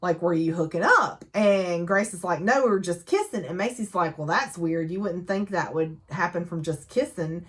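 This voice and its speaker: A woman's voice: lowish voice, expressive, moderate pace, few pauses. Chatty woman recapping a book. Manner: chatty, gushing, quotes characters in passing. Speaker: book reviewer.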